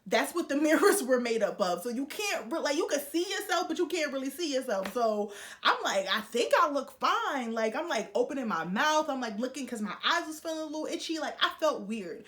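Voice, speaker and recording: A young woman vlogger telling a personal story to her viewers, chatty and animated, acting out the voices of the people in it. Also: high-pitched, a little fast. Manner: chatty, speaks straight to viewers with frequent fillers. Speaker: YouTuber. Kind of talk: casual storytelling vlog.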